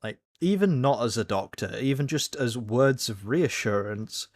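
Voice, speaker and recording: A man's voice: medium pitch, lively intonation, unhurried, hardly any pauses, no room sound, clean studio sound. Rambling man reacting to a video. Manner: rambling, self-correcting, candid. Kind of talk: casual reaction commentary.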